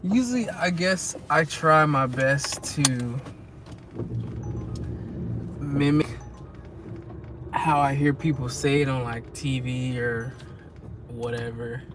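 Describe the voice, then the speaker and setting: A man's voice: mid-range voice, slow, pauses often. A man driving for a rideshare app, chatting casually with a passenger in a laid-back way and laughing often. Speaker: rideshare driver. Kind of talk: casual chat while driving. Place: inside a car on the road. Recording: loud road noise. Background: traffic and car noise.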